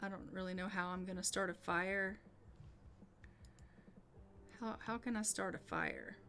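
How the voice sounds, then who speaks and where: A woman's voice: medium pitch, wildly swooping pitch, a little slow, pushed and bright, a little hiss or hum. A woman giving casual commentary on her own gameplay, chatty and thinking aloud as she plays. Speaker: gaming YouTuber.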